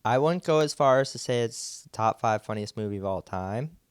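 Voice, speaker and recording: A man's voice: medium pitch, animated, moderate pace, clear, resonant tone, no echo, studio quality. A man co-hosting a podcast, chatting casually in an easygoing, rambling way with lots of "like"s. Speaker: podcast co-host. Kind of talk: casual chat.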